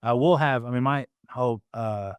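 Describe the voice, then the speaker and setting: Reflective father musing, smooth clear voice. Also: mid-range voice, moderate pace, no echo. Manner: reflective with many fillers, acts out his kids' voices. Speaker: podcast guest, father. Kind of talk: casual conversational interview.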